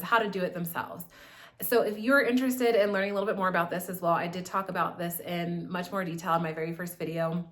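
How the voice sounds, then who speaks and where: A woman's voice: mid-range voice, fairly bright tone. A young adult woman who is a parenting educator, talking to camera in a casual instructional way, conversational, with many fillers and restarts.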